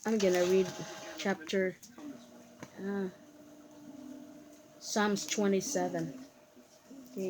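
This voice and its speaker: Slow, earnest woman sharing her faith. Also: mid-range voice, rough recording. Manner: earnest, repeats phrases, recites verses with emphasis. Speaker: vlogger sharing a faith testimony. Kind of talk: casual spoken testimony.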